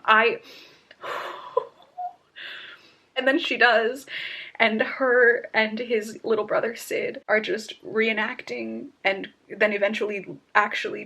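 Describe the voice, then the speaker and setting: A woman's voice: medium pitch, fairly bright tone. Emotional young woman book vlogger. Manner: emotional, exclaiming and sighing. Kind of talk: casual reading vlog.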